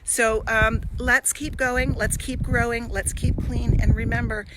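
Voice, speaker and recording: A woman's voice: a little high, level tone, unhurried, heavy background noise. A middle-aged woman hosting a casual live stream from her garden, talking to viewers in a gushing, emotional, encouraging way. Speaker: wellness host.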